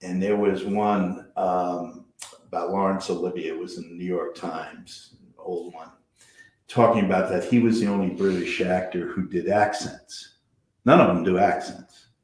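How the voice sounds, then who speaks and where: An older man with a fairly low voice swaps actor stories in a relaxed chat, often trailing off and starting a sentence over. The room is echoey, so his voice carries some bounce. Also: normal speed. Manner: anecdotal, trails off and restarts. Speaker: guest actor. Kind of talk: casual storytelling chat.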